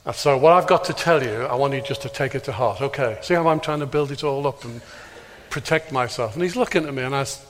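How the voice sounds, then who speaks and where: A middle-aged man telling a humorous story at a conference, acting out the dialogue in a lively anecdotal way. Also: mid-range voice, fast, a little hiss or hum. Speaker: speaker at a prayer conference. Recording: long reverb of a large hall.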